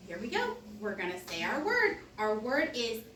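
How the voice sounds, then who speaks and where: A woman teacher with a high, bouncy, animated voice runs a phonics lesson, drawing out sounds in a sing-song way and praising often. She is recorded from across an echoey classroom, with clear background noise. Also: moderate pace. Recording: echoey classroom, mic far off, noisy.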